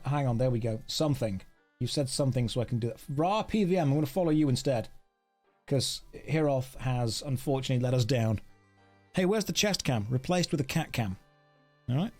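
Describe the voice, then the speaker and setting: A man's voice: mid-range voice, lively intonation, a little fast, a little mellow, soft background music. A man chatting playfully with viewers during a casual game stream, joking as he plays.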